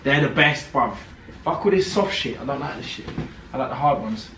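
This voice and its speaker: A man's voice: mid-range voice, expressive, a little fast, bright, forceful tone, slight background noise. A young man, chatting casually and animatedly to a handheld camera, full of slang and swearing. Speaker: vlogger. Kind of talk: casual vlog chat.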